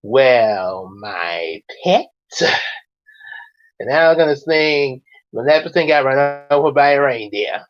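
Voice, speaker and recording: A man voicing a scheming young sorceress with a mocking, drawn-out delivery, in dull lo-fi audio. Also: medium pitch, very animated, no echo, voice pushed down.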